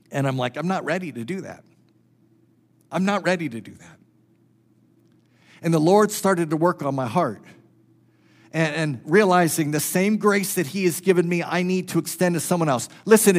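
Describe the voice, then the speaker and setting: A male pastor preaching a sermon through a personal story, swinging between loud and hushed and repeating phrases for emphasis. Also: high voice.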